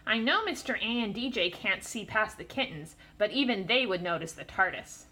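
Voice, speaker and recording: A woman's voice: mid-range voice, expressive, moderate pace, bright, forceful tone. A woman voicing a wry, eccentric gray-haired male time-traveller in a storybook, full of playful asides.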